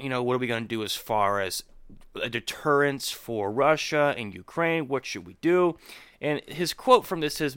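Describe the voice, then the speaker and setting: A man's voice: on the high side, smooth, no echo. A man co-hosting a podcast, giving casual political commentary that swings into incredulous outbursts. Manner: animated, rising to incredulous outbursts. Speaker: podcast co-host.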